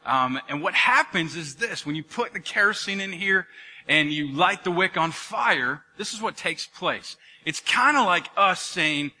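A man's voice: high-pitched, animated, unhurried, sharp tone, in a large hall. A man preaching a sermon as pastor, telling playful jokey stories and calling out to the congregation in a church. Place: church sanctuary.

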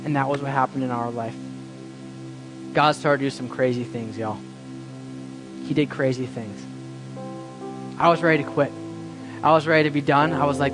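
A man preaching a sermon as pastor, impassioned, swinging between loud pleading and hushed quiet lines. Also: medium pitch, steady tone, moderate pace, pauses often, over music.

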